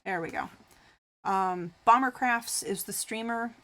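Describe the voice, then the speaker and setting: A woman's voice: fairly high pitch, measured pace, sharp tone. A woman streamer chatting casually with her live viewers, rambling and full of fillers, reading comments aloud and answering them. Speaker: craft streamer.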